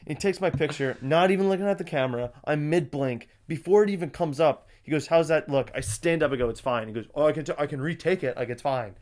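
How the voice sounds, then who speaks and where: Young man telling animated stories. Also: fairly high pitch, fast, few pauses. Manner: animated, swears a lot, acts out quotes. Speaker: podcast co-host. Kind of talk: casual storytelling chat.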